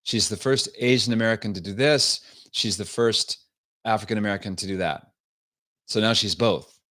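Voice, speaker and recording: Male livestream host, fairly low voice, scornful and sarcastic, opinionated political commentary, greets chat. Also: fairly bright tone. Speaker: show host.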